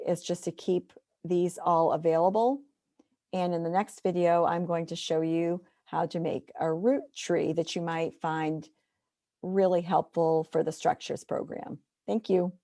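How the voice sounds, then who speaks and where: A woman's voice: on the low side, darkish tone, dry recording, clean studio sound. A woman teacher walking through a screen-share tutorial step by step, explaining patiently.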